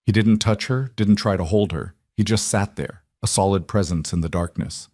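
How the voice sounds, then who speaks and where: A man with a fairly low voice reads a story in a calm, measured way. The sound is dry and close, with no room around it. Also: no room sound. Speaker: narrator. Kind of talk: scripted audiobook narration.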